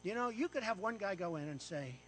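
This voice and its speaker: American man, high voice, swooping lively delivery, boastful repeated punchy phrases, speech to a room. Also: brisk, a little hiss or hum. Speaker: paid speaker. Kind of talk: off-the-cuff speech to a live room. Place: event room with an audience.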